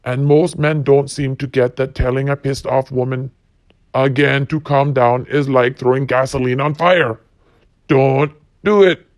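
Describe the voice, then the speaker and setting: A man's voice: medium pitch, flat delivery, normal speed, no room sound. Blunt profane man ranting, dry sound. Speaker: podcast host. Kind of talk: solo rant reading quotes.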